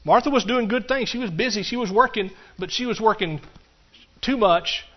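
Folksy preacher, a bit muffled. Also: male voice, high voice, normal speed. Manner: folksy, animated preaching with laughs and asides to the congregation. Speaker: pastor. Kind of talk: sermon.

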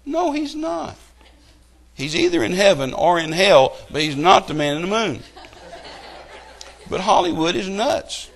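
A middle-aged man preaching a sermon, telling stories and building to loud, emphatic outbursts. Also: high voice, normal speed, vocal fry. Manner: animated storytelling with rising outbursts.

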